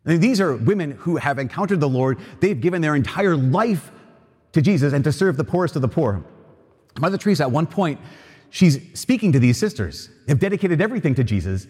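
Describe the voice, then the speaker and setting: A man's voice: a little high, sing-song, fairly quick, darkish tone, slightly rough. A man giving a homily at Mass, earnest and conversational, often repeating himself as he builds a point. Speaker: priest. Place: cathedral. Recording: long reverb of a large church.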